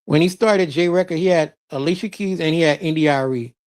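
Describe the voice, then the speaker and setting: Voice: medium pitch, brisk, a little mellow, clear, resonant tone, dry recording. A live-stream host in casual chat, reading out viewer comments and giving blunt opinions between laughs.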